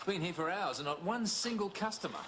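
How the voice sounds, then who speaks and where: A man's voice: high voice, expressive, brisk. An actor playing a fussy, quipping middle-aged father in a sitcom, exasperated and full of jokes. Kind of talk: sitcom acting. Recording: old TV tape with loud hiss.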